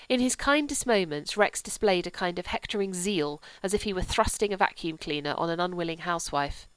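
Woman narrator, audiobook reading, measured, dry close sound. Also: lowish voice, lively intonation, gravelly, a bit bright, no echo. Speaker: audiobook reader. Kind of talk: scripted narration.

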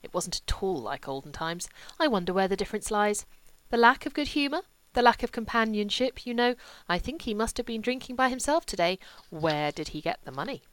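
A woman's voice: medium pitch, sing-song, a little fast, a bit bright, no echo. A woman voicing a fussy, chatty male academic who muses aloud. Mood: musing. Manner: chatty, musing.

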